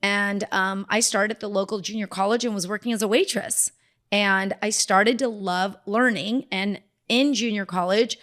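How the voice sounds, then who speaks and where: Brief: middle-aged woman, podcast guest, lively storyteller who acts out quoted voices, even mid-range pitch. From Southern California. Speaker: dermatologist guest. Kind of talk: casual interview storytelling.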